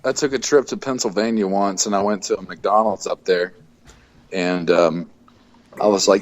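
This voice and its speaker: A man with a Southern US accent, telling animated, profane stories in casual podcast chat. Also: lowish voice, normal speed. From American South. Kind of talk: casual crude banter.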